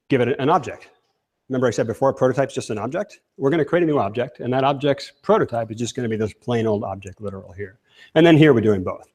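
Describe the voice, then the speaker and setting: A man giving a live technical talk, speaking casually and asking the audience questions. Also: mid-range voice. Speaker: conference speaker. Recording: long hall reverb.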